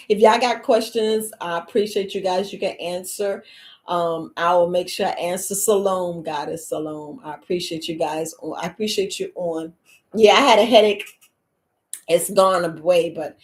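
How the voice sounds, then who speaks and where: A woman life coach chatting casually on a livestream to her viewers, animated and laughing, often acting out what people say. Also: fairly low pitch, echoey room. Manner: animated, laughing, acts out quoted voices.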